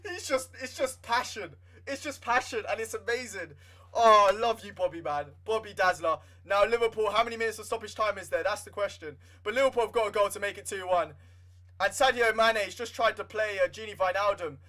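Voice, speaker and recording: A young man giving live fan commentary on a football match, excitable and swinging from nervous muttering to shouting. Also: sits high, a little fast. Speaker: livestream football watchalong host.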